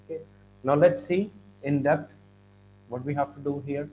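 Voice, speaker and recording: A man from India teaching exam English, tagging "right?" onto points and clearing his throat now and then. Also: a little high, steady tone, darkish tone, a little hiss or hum, low-quality recording. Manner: repeats "right?" often, clears throat, stresses words slowly. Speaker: IELTS teacher. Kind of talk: classroom-style explanation.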